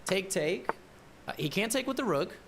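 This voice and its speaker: A man's voice: sits high, animated, normal speed, vocal fry, background noise. A man streaming a chess game, thinking aloud and muttering to himself, repeating words as he works through moves and now and then teasing his opponent. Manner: wry teasing banter at the opponent.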